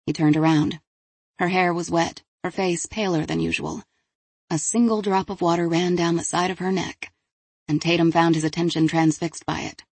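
Her voice low and a little husky, a woman narrates a scripted audiobook evenly and deliberately. The recording is close-miked and dry.

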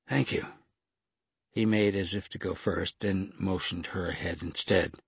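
A man reading an audiobook as narrator, in a steady, measured storytelling manner. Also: low voice, slightly rough, dry recording. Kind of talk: scripted narration.

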